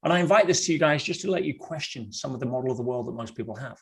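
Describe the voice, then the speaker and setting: A man's voice: medium pitch, expressive, very fast, gravelly, slightly rough. Blunt middle-aged male motivational speaker. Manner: blunt, storytelling, addresses listeners as guys. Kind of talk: motivational talk to an online audience.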